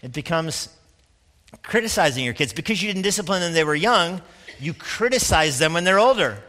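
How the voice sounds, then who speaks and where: Bright-voiced man preaching in a reverberant hall. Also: a little high, expressive. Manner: conversational preaching with quick asides and laughs. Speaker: pastor. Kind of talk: sermon.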